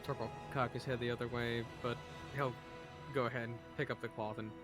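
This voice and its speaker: A man's voice: mid-range voice, level tone, fairly quick, over music. A man playing a tabletop game, casually describing his character's actions in the third person. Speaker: player.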